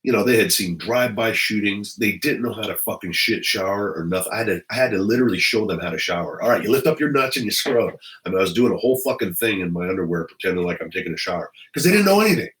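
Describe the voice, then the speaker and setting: Middle-aged ex-cop, very low voice, blunt and profane, rambling casual delivery. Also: male voice, animated, quick pace, few pauses, a bit bright, rough recording. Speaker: retired police officer vlogger.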